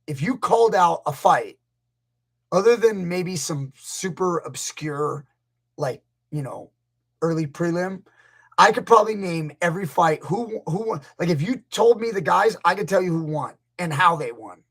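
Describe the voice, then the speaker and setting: On his casual live stream, a grappling coach and channel host rambles through anecdotes, acting out what others said. His high-pitched voice is bright, slightly rough, and lively in intonation, delivered at a moderate pace.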